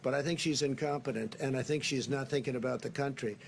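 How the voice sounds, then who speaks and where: Man, gravelly, quick rambling talk, noisy clip. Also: medium pitch, fairly even intonation. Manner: rambling, repeats himself, boastful. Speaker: politician answering reporters. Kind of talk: press remarks.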